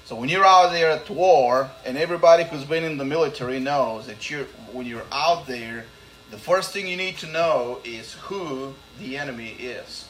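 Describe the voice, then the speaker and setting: A man's voice: mid-range voice, normal speed, fairly bright tone, poor audio. Blunt Bulgarian-accented man at a podium. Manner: blunt, emphatic, jokey. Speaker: guest speaker, podcast host. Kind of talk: live stage speech.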